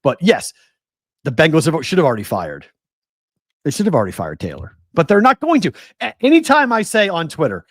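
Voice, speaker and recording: A man's voice: a little high, wildly swooping pitch, a little fast, no echo, studio quality. A man in his forties hosting a sports talk show, ranting with exasperated rhetorical questions. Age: 40s. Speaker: sports betting show host. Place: West Coast.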